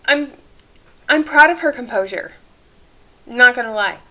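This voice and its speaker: A woman's voice: on the high side, lively intonation, a little slow, pushed and bright. A woman hosting a channel, commenting candidly on a clip and giving safety advice in a chatty way. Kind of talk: reaction commentary.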